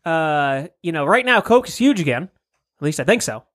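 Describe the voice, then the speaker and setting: A man's voice: fairly high pitch, very animated, normal speed, fairly bright tone. A man hosting a casual podcast, rambling about comics with frequent laughs and swearing. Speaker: podcast host.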